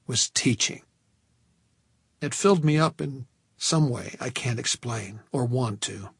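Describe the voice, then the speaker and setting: A man narrating an audiobook in a wry, measured storytelling manner, recorded close to a studio microphone. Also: a little high, slightly rough, no room sound.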